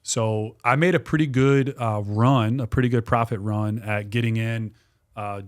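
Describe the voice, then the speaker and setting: A man in his forties, a guest on a podcast, telling a story in a casual, animated way with lots of restarts and some swearing. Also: mid-range voice, a little slow. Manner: animated, repetitive, swears freely. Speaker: guest, dog trainer and business owner.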